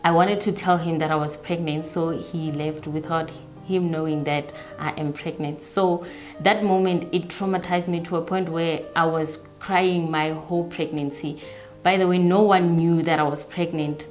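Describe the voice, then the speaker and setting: A young woman telling a personal story in an interview, halting and repeating herself, softly voicing what others said. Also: low voice, steady tone, faint music behind.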